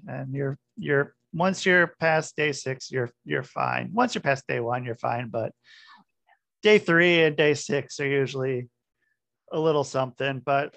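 A laid-back man hosting a podcast, with a gravelly, rough-edged voice. He talks in an easygoing way, circles back over his own words and keeps things casual. His voice sits dry and close to the mic. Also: a little high, a bit bright, no room sound. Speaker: podcast host.

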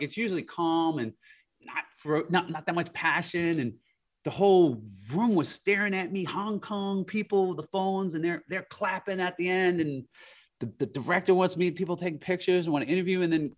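A man as an interview guest, telling stories in a rambling, animated way with frequent laughs and fillers. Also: high-pitched, moderate pace. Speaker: guest, art collector. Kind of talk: casual interview storytelling.

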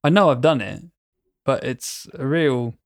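A man's voice: medium pitch, lively intonation, measured pace, no room sound, clean studio sound. A man co-hosting a podcast, chatting casually in a jokey, self-mocking way. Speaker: podcast co-host. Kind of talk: casual chat.

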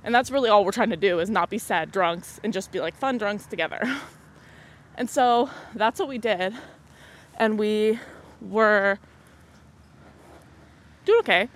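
A woman's voice: medium pitch, unhurried, pauses often. A young woman hosting a casual solo podcast, rambling and laughing often as she talks on a walk, recorded on a phone in her pocket. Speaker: podcast host. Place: outdoors on a muddy walk.

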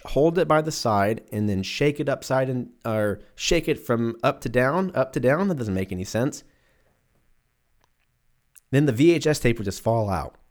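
A twentysomething man hosts his podcast alone from a home room with open windows, rambling, swearing freely and lapsing into goofy exaggerated voices. His voice is mid-range and a little mellow.

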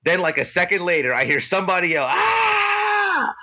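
A man co-hosting a podcast, telling an animated story in a casual, excitable, slangy way. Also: on the high side, quick pace, muffled recording. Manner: excitable, slangy, retells with quoted voices. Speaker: podcast co-host.

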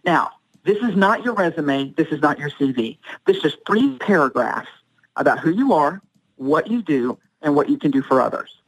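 A middle-aged woman, a speaking coach, giving animated, emphatic advice as a podcast guest. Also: sits low, moderate pace, breathy edge, poor audio. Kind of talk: podcast interview, advice talk.

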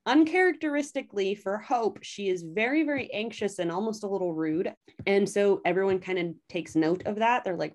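A woman with a mid-pitched voice casually retelling a plot as a podcast host. She talks in a chatty, animated way and swears freely. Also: normal speed. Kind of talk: casual story recap.

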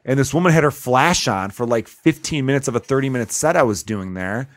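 A man's voice: medium pitch, expressive, fairly quick. A man in his thirties from Chicago, a comedian hosting a podcast, telling stories in a profane, ranting way. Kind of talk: casual podcast chat.

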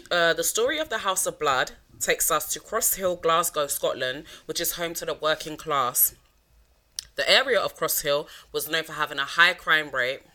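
A chatty woman co-hosting a podcast, her voice low-pitched and bright. She fills her talk with "like" and "um" and laughs easily. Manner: chatty, laughs often, lots of "like" and "um". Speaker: podcast co-host. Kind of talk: casual true-crime podcast chat.

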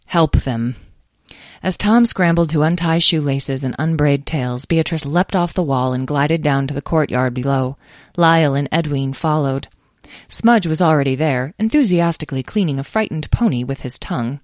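A woman reads a storybook aloud in a measured, expressive way. Her voice sits low, and the recording is close and dry with no room sound. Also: dry recording. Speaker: narrator. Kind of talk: audiobook narration.

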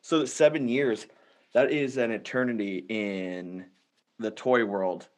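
A man's voice: lowish voice, fairly even intonation, slow. A man hosting a casual toy podcast, asking questions in an eager, enthusiastic way. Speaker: podcast host. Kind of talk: casual interview.

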